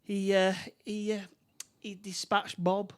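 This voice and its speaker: A man with a Northern English accent, co-hosting a podcast and retelling a film plot in a halting, restarting way. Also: high voice, completely flat delivery, clear, resonant tone. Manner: halting, many restarts, acts out character lines. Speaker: podcast co-host. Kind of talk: casual film recap chat.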